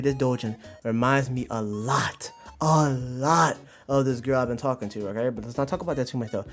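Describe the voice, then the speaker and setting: A man streaming live, telling stories in an animated, slang-filled way with big swings in pitch and loudness. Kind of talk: casual live-stream commentary.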